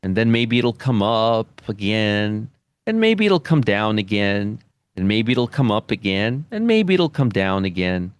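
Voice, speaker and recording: A man's voice: on the low side, very animated, a little slow, clear, resonant tone, dry recording. A man teaching a trading lesson at a whiteboard, emphatic, repeating phrases and checking in with "okay?". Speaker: trading educator.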